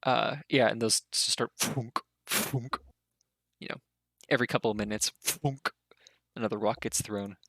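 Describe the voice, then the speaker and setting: A man narrating a tabletop game as dungeon master, in a loose, halting way with spoken sound effects. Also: fairly low pitch, steady tone, gravelly, fairly bright tone, no room sound.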